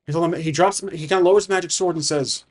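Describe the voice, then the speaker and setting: A man's voice: a little high, fairly even intonation, quick pace. Casual man narrating a solo tabletop game. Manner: thinking aloud, frequent restarts and self-corrections; casual, conversational. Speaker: solo game master and player.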